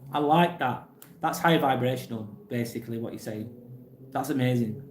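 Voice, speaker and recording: A man's voice: mid-range voice, normal speed, reverberant, a little hiss or hum. An English man hosting a live vlog, reading chat messages aloud and answering in a blunt, plain-spoken way with casual swearing. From England. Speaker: livestream host reading chat.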